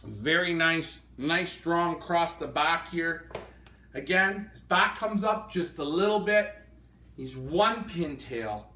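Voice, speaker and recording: A man's voice: on the high side, slow pace, bright, forceful tone. A man co-hosting a live pigeon auction, enthusiastically appraising each bird he handles. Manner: enthusiastic, appraising birds in hand. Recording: roomy sound from a distance.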